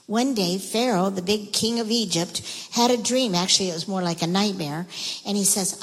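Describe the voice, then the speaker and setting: A woman teaching children, telling a Bible story in a lively, expressive way and talking straight to the kids. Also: medium pitch, a little fast. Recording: echoey hall reverb.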